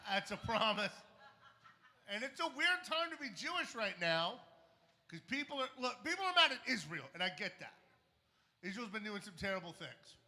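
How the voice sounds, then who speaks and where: High, bright-voiced man doing stand-up. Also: big pitch swings, moderate pace, big-room sound. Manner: wry, punchy, dark jokes. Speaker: stand-up comedian. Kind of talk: stand-up set. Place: comedy club stage.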